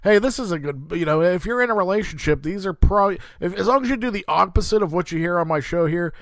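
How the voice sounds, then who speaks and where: A man's voice: sits high, expressive, fast, no echo. A man hosting a podcast, telling a rambling, profane story in a heated, casual way. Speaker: podcast host.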